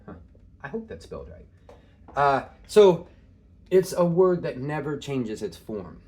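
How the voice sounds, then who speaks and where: Casual male tutor, talks it through with fillers and chuckles, lively intonation. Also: mid-range voice, measured pace. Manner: casual, thinking aloud with many fillers and small laughs. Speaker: Greek tutor. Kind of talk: informal screen-share lesson.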